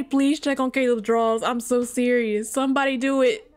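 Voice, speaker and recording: Young woman, casual gameplay commentary, talks to viewers, quick to laugh, fairly high voice. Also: fairly even intonation. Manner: chatty, talks straight to viewers, laughs often. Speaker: let's play host.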